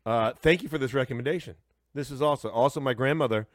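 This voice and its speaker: A man co-hosting a reaction podcast over a headset, excited and rambling with many restarts. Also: medium pitch, fast, no echo, clean studio sound. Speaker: podcast co-host. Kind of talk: casual reaction chat. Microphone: headset on a remote call.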